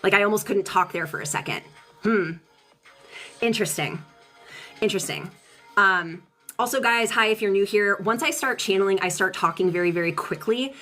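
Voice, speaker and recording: Fast-talking woman channeling on a live stream. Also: mid-range voice, sharp tone, soft background music. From Colorado. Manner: fast, chatty, swears casually, greets chat. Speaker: tarot reader and channeler. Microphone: streaming setup.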